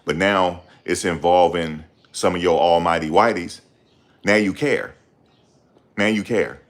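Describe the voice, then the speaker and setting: A middle-aged man hosting his channel, talking in a loud, confrontational, profane rant. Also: low voice, steady tone, measured pace. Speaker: channel host. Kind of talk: ranting livestream commentary.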